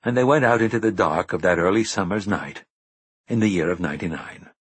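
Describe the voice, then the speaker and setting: Man narrating an audiobook, low husky voice, measured, dry close sound. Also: dry recording. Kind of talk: scripted narration.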